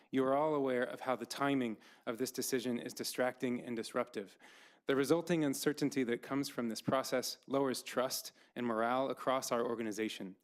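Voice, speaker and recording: A man, an elementary school principal, reading a measured, formal statement to a school board. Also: medium pitch. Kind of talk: prepared statement read aloud. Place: school board meeting room.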